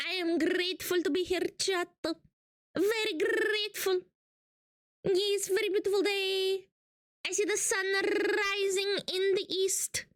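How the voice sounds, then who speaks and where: A woman voicing a goofy, solemn mock preacher with a put-on Italian accent and a slow, drawn-out sermon cadence. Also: very high voice, fairly bright tone, no echo, voice pushed up, full character voice.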